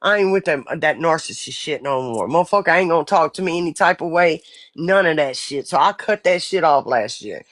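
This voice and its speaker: A woman's voice: low voice, animated, brisk, no room sound, studio quality. A woman in her forties chatting bluntly and profanely on a live stream. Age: 40s. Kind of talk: casual live stream chat.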